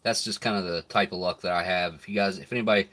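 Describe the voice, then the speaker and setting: A man's voice: sits low, fairly even intonation, quick pace, a bit bright. Laid-back man on a live stream. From United States. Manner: laid-back, chuckles often, talks between bites. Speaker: live stream host reviewing rations. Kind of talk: casual live stream chat while eating.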